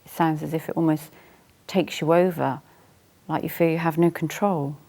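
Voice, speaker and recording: Counsellor for a role-play: calm, unhurried, reflective; gravelly, mid-pitched voice. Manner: calm, slow, reflective, gentle questioning.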